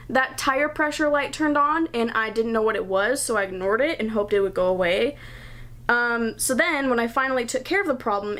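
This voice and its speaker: A woman's voice: a little high, a bit bright. A woman in her twenties telling a story to camera in a casual vlog, chatty and breezy, laughing between phrases. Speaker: vlogger.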